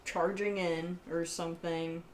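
A woman's voice: on the low side, level tone, a little slow. A woman game master and podcast co-host, retelling a game story in casual chat, telling it with lots of quoted asides. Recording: echoey room.

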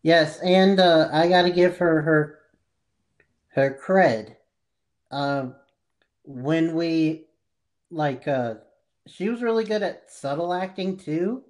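A man co-hosting a podcast, talking casually about a TV series in halting, trailing phrases. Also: a little high. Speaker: podcast co-host. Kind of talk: casual chat reviewing a TV series.

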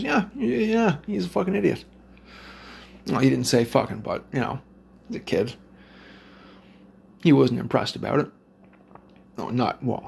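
A man rambles through a story, swearing in nearly every line. His voice is deeply gravelly and full of fry. He talks bluntly and loosely, with faint noise under the recording. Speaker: parent telling a story to listeners. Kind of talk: profane storytelling rant.

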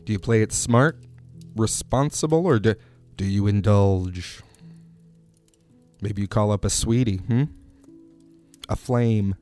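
A man's voice: lowish voice, unhurried, pauses often, mellow, faint music behind. A man rambling through a comic monologue, digressing wryly and asking the listener questions.

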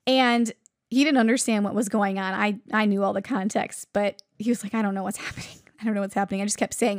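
A woman's voice: mid-range voice, steady tone, quick pace, no echo, clean studio sound. A young woman giving an earnest devotional message, telling a story and making emphatic declarations. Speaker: Christian teacher.

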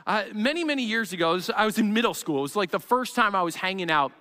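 A man preaching a sermon as pastor, energetic and emphatic, repeating key lines for his congregation. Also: sits high, fast. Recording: long hall reverb.

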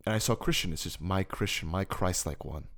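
A man telling personal stories in a relaxed, casual conversation, with conversational asides to his listener. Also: sits low, brisk.

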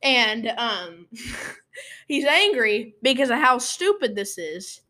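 A woman's voice: on the high side, big pitch swings, takes it slowly, bright, forceful tone. A teenage girl hosting a casual storytelling podcast from a room at home, rambling, apologizing and getting sidetracked. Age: teens. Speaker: podcast host.

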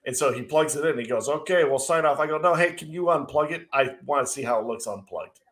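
A middle-aged man co-hosting a casual chat, telling an animated, sarcastic story with mocking asides. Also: fairly high pitch, fast. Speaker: podcast co-host.

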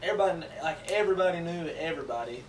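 Fast-talking man heard from far off. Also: on the high side, expressive. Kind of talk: casual chat. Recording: distant, roomy and noisy.

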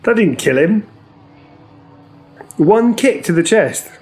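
A man chatting casually while watching a film, skeptical and quick to argue, with a dry manner. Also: high voice, lively intonation, a little mellow. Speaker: film watch-along co-host. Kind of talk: casual reaction chat over a film. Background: faint film soundtrack music.

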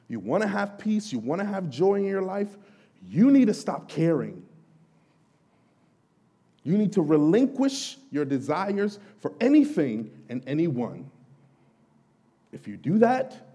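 A male lay pastor delivers a sermon in an animated, conversational way, voicing questions to the apostle as if speaking to him. His voice is mellow and slightly husky, with pitch that swings widely as he preaches.

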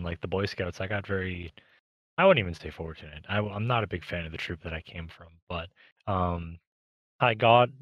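A man's voice: low-pitched, a bit bright, no echo, highs cut off. A young man as a podcast guest, talking in a laid-back, hesitant way with many fillers. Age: young adult. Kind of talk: casual chat.

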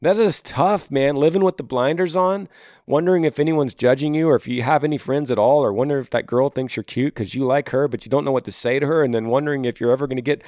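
A man's voice: mid-range voice, fast, no room sound. Guy giving advice to a teen, talks like a big brother, calls him bro, dry close mic. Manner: animated, acts out little dialogues, calls listener bro and man. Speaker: advice show host. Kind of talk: casual advice talk to a listener.

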